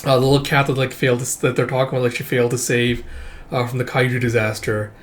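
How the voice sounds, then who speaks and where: A manga read-through channel host gives casual reading commentary in a loose, rambling style, full of fillers and offhand swearing. His ordinary mid-pitched voice keeps a level tone at a quick pace. He sounds casual and unpolished.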